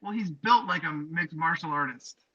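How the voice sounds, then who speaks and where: A man's voice: on the high side, moderate pace, a crowd in the background. A man hosting a podcast, asking long, rambling questions full of ums and restarts. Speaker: podcast host. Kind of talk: casual interview chat. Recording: dry, dull lo-fi podcast audio.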